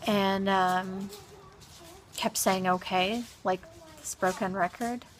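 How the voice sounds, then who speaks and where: A grieving woman vlogger recounts a personal experience in a soft-spoken, halting monologue full of pauses and restarts. Her voice is medium in pitch with fairly even intonation.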